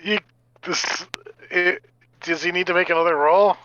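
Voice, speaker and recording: A man's voice: high-pitched, fairly even intonation, measured pace, muffled recording, noisy background. A man playing a tabletop role-playing game, asking hesitant questions with many restarts. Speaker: player. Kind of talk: casual tabletop game chat.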